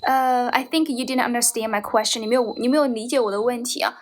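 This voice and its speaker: Woman with a Chinese accent, encouraging live-stream coach who keeps checking in with tag questions; slightly higher voice. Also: fast talker, slight background noise. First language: Mandarin Chinese. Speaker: livestream English coach. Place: home room, grandmother's house.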